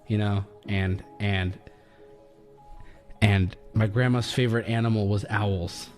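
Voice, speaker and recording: A man's voice: fairly low pitch, a little slow, long pauses, a little mellow, faint music behind. A man streaming, chatting casually in a rambling, profane way and laughing often.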